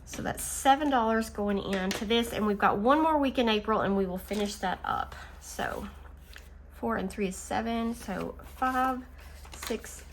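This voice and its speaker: Lady counting cash out loud and chatting, mid-pitch, faint engine hum in back. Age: adult. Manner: counts money aloud, chatty and easily amused. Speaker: budgeting channel host. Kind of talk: casual chat while scratching savings challenges. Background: faint engine noise from a utility vehicle outside.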